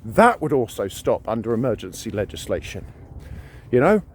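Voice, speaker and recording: A man's voice: fairly low pitch, big pitch swings, moderate pace, husky. A British man delivering an emphatic, ranting opinion monologue to camera, often repeating his words for emphasis. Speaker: vlogger.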